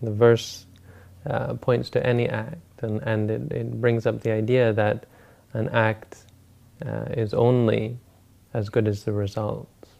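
Gravelly-voiced man telling a teaching story. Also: medium pitch, flat delivery, slow pace, a little mellow. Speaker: Buddhist teacher. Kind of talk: storytelling dharma talk.

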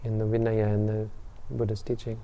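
A man's voice: on the low side, completely flat delivery, brisk, dark tone. A man giving a Buddhist dharma talk, telling a story in a conversational way with frequent restarts and fillers. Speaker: Buddhist teacher.

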